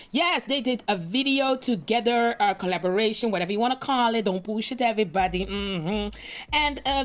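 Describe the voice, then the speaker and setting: A young adult woman giving casual gossip commentary as a news-style vlogger, playful and sassy, often laughing and tossing out rhetorical asides. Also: a little high.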